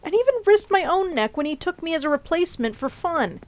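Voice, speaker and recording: A woman's voice: very high-pitched, big pitch swings. A woman voicing a sarcastic, exasperated young woman in an audio role-play drama. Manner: sarcastic, quick mock-cheerful brush-offs.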